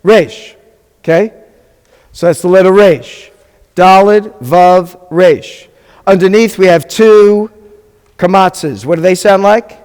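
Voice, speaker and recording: A man teaching a beginners' language class, chatty and patient, often quizzing the room. His voice sits a little high for a man. It rings with the long reverb of a classroom. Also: slow pace, a little mellow, smooth. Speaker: rabbi teaching a Hebrew class. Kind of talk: classroom teaching with questions to students.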